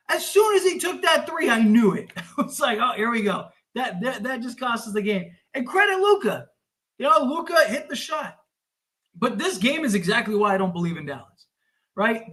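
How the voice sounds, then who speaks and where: A man hosting a sports livestream, fuming and exasperated as he rants and recaps the game, sometimes shouting. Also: high voice. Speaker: sports podcast host.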